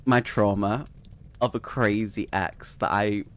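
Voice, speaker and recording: A man's voice: fairly low pitch, steady tone, a little slow. Man telling a rambling story. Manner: rambling, swears freely, laughs at his own story. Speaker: streamer. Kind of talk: casual storytelling.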